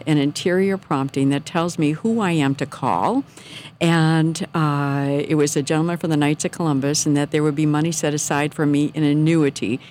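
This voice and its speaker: A woman's voice: sits low, slight background noise. Earnest middle-aged woman telling a faith story. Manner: earnest, animated storytelling with quoted thoughts. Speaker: guest telling her story. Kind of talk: casual faith testimony.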